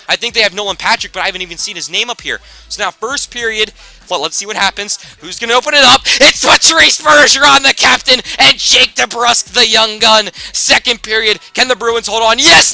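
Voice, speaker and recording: Young male gaming commentator, high and piercingly bright, excitable play-by-play, faint music underneath. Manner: excitable, swings from mutter to shouting. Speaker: gaming YouTuber. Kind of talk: excited play-by-play commentary over a sports game.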